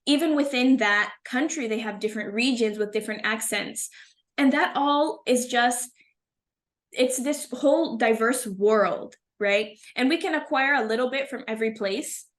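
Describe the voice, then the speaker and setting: Affirming woman with a higher voice. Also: normal speed. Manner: warm, affirming, emphatic. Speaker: co-host, Spanish and English teacher. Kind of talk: casual conversation.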